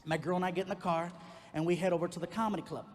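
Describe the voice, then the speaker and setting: A male stand-up comedian telling a personal story on stage, animated and acting out each person in it. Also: sits high, rapid-fire. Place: comedy stage in a large venue. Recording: live hall with faint noise.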